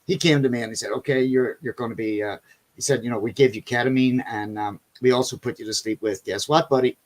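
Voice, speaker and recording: A man's voice: mid-range voice, steady tone, fast. A man hosting a casual video chat, telling rambling stories, swearing freely and calling people buddy and man.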